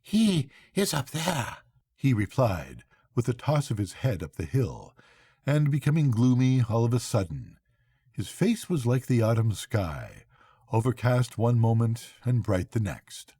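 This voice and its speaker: An older man, a grandfather, reading a classic novel aloud to his grandchildren at bedtime in an unhurried, expressive way. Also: medium pitch, breathy edge, dry recording, clean studio sound.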